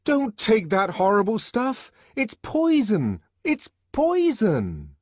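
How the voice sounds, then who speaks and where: A man reading an audiobook, voicing an earnest young male outsider who pleads in a loud, ringing voice. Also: high voice, wildly swooping pitch, takes it slowly, slightly rough, dry recording, voice pushed up, exaggerated voice. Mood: pleading. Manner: pleading, impassioned. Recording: dull lo-fi audiobook recording.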